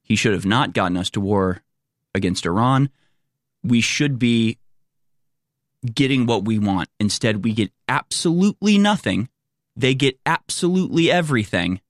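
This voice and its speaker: A man's voice: medium pitch, lively intonation, moderate pace, no echo, studio quality. A man hosting a political commentary show, talking in a sarcastic, exasperated way.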